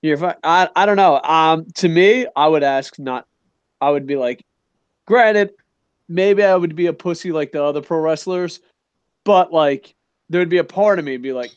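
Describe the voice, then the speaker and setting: A man hosting a casual wrestling chat show, talking in a rambling, excitable way and swearing often. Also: on the high side, normal speed, smooth, dry recording, dull audio. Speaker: podcast host.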